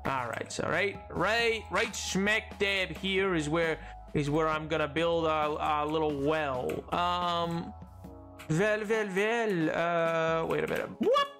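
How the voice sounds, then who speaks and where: Faint music plays behind a young man streaming a game, his fairly high, sharp voice slow and fairly even in intonation. He chats casually, answers questions out loud, and rambles playfully, correcting himself a lot.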